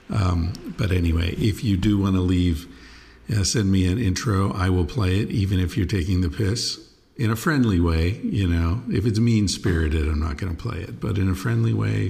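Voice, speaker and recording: A man hosting his own podcast, talking in a rambling, relaxed way with many fillers. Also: low-pitched, gravelly, big-room sound. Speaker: podcast host. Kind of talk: casual podcast monologue.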